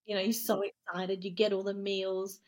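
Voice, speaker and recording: A woman co-hosts a relaxed podcast chat. She gossips animatedly, piling up opinions and breaking into easy laughter. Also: mid-range voice, normal speed. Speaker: podcast co-host. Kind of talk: casual chat.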